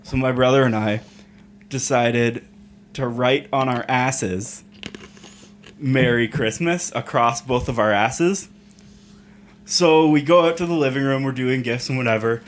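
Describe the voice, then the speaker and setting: A man's voice: mid-range voice, unhurried, pauses often, a little hiss or hum. A young man co-hosting a podcast, telling a story in a laid-back, casual way and laughing through his punchlines. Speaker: podcast co-host.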